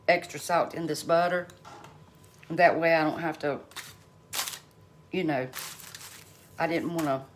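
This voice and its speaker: A middle-aged woman hosting a home cooking channel, chatting folksily to her viewers as she cooks in her kitchen. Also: low-pitched. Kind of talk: casual cooking vlog chat. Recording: noisy home recording.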